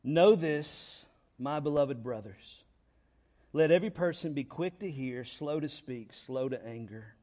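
A man's voice: fairly high pitch, measured pace, warm tone. Man preaching an emphatic sermon. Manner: repetitive, emphatic preaching with rhetorical questions. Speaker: pastor. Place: church.

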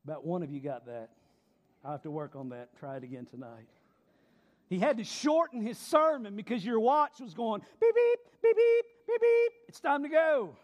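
Male preacher, middle-aged, high voice, dramatic dynamics, drawn-out emphasis. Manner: emphatic, swings from loud shouts to low quiet delivery. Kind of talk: sermon.

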